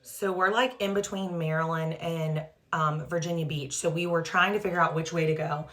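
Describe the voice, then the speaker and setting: A woman's voice: sits low, steady tone, moderate pace, a bit bright. A woman in her thirties, a mother casually retelling a frightening family story for her vlog, full of "like" and "um" fillers. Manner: trying a skincare product while talking.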